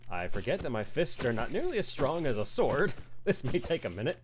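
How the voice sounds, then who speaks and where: A man chatting casually while streaming a game, animated and acting out his own thoughts in little quoted voices. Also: mid-range voice, a little fast, background noise. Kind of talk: casual chat while gaming.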